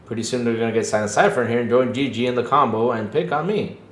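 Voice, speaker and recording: A man's voice: medium pitch, fast talker, fairly bright tone, echoey room. A man hosting a casual livestream, joking with the chat and playing up mock hurt, laughing often. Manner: playful, self-mocking, laughs often, mock-whiny. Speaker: livestream podcast host. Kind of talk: casual live-chat banter.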